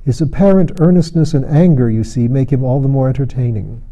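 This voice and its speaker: A male narrator reads a classic novel in a measured, dry way. His voice is very dark and mellow, sitting at an ordinary pitch. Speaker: audiobook narrator. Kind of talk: scripted audiobook narration.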